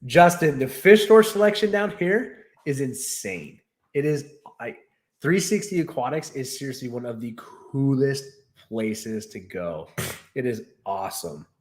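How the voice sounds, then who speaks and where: A man's voice: medium pitch, lively intonation, measured pace, a little mellow. A man casually chatting on his livestream, rambling and laughing as he tells stories. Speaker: streamer and host. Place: new home in Texas.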